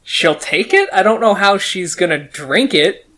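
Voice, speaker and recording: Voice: mid-range voice, lively intonation, measured pace, sharp tone. A blunt, wisecracking player in a casual tabletop game, swearing freely. The voice sits in a middle range. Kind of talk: casual tabletop role-play.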